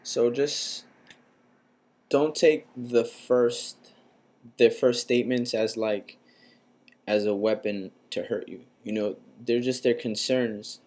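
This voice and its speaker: A man's voice: medium pitch, takes it slowly, pauses often. Laid-back young man telling a story. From United States. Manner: relaxed, rambling retelling with many fillers. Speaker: vlogger. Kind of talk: casual storytelling vlog.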